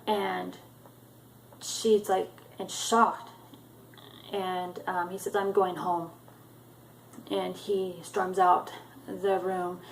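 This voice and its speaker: Speaking in a creaky, low-side voice, a woman offers a casual spoken recap of a book chapter to her viewers. She hesitates often, saying many ums and uhs in loosely linked sentences, over a low-quality recording with a little hiss or hum.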